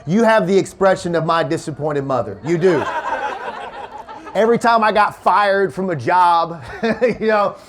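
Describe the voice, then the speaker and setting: A man's voice: sits high, normal speed. A man from Kentucky doing a loose, profane stand-up set at a winery, chatting with the crowd and laughing at his own jokes. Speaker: stand-up comedian. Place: winery comedy show before a live audience. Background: audience laughter.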